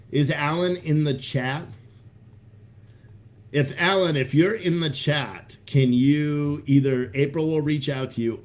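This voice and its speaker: Livestream guy, middle voice, loose and sweary, all hyped up. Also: mid-range voice. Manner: loose, profane, hyped-up talk. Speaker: livestream host selling coffee. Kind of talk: casual live-stream chat.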